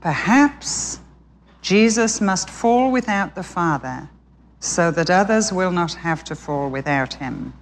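A woman voicing a gentle mother sparrow who speaks softly in a storybook reading. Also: fairly low pitch, expressive, takes it slowly, in a large hall. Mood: tender. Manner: soft, hushed.

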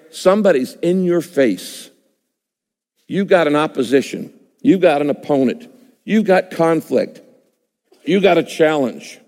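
A man's voice: fairly high pitch, a little mellow. A man preaching a sermon as a pastor, emphatic and repeating key phrases for effect. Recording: long hall reverb.

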